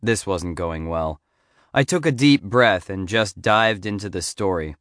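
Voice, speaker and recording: Low, smooth male audiobook narrator. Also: fairly bright tone, no echo, studio quality. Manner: measured, storytelling delivery. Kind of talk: first-person memoir narration.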